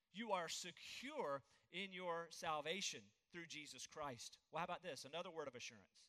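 A man's voice: sits high, bright, forceful tone, in a large hall. A man preaching a sermon as pastor, earnest and emphatic, reading scripture aloud to his congregation.

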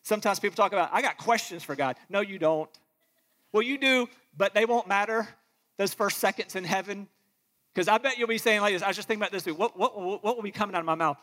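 A man with a high voice preaches a sermon from the pulpit. He reads scripture with passion and acts out the voices he quotes, while his words ring out with a long reverb through a large hall. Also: quick pace, a bit bright. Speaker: pastor.

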